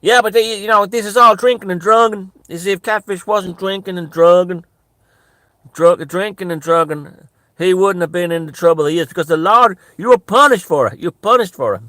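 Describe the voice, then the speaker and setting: A man's voice: high voice, brisk, a bit bright, no room sound, clean studio sound, voice pushed up. A man voicing a Bible-strict Southern American man who moralizes and repeats himself. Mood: preachy.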